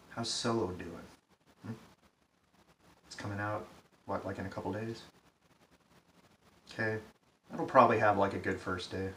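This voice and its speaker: A man's voice: fairly low pitch, little pitch movement, normal speed, long pauses, a bit bright. A man ranting in profane, exasperated, sarcastic commentary, recorded from a distance in a roomy space. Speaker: pop-culture commentator. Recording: roomy echo, distant mic, faint hiss.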